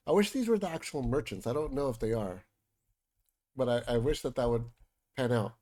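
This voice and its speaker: A man's voice: medium pitch, lively intonation, a little fast, long pauses, mellow. A man streaming a game, chatting casually with his viewers and reading game dialogue aloud. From United States. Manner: chatty, joking with chat, reads game lines aloud.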